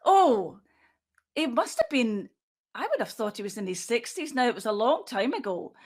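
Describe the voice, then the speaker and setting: With a fairly high-pitched and very animated voice, a woman in her sixties who works as a forensic pathologist responds to interview questions. She's measured and matter-of-fact, thinking out loud.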